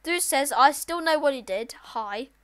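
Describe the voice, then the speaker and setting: A woman giving casual, excitable let's-play commentary with sudden loud outbursts. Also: high voice, normal speed. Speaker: gaming channel host.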